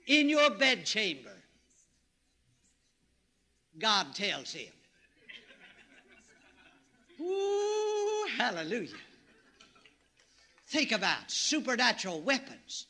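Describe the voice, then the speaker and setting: A middle-aged man preaching a sermon, his voice pitched very high and ringing bright. He tells the story in an animated way and breaks into loud shouts and exclamations. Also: slow pace, long pauses.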